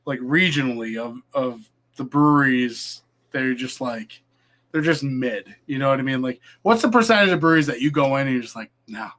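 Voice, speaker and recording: A man in casual chat on a live stream, making wry, animated asides. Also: mid-range voice, brisk.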